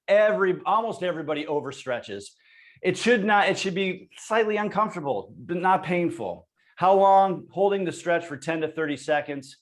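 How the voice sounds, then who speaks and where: A man presenting an online exercise class over a video call, giving energetic and encouraging coaching cues as he talks the group through each move. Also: a little high.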